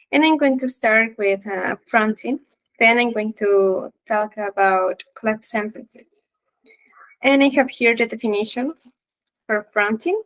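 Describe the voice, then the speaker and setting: Higher-voiced woman presenting grammar to class. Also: fairly bright tone, low-quality recording. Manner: reads definitions and examples aloud with fillers. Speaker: student presenter.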